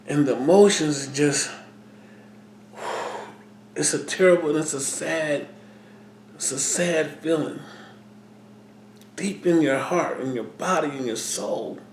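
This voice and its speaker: A middle-aged man talking earnestly in a personal vlog, halting and repeating himself as he speaks. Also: a little high, echoey room. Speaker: vlogger. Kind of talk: personal vlog talk to camera.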